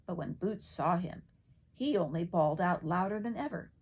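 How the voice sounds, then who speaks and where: An older woman reading a fairy tale aloud in a lively, expressive way. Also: on the low side, moderate pace, husky. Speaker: storyteller.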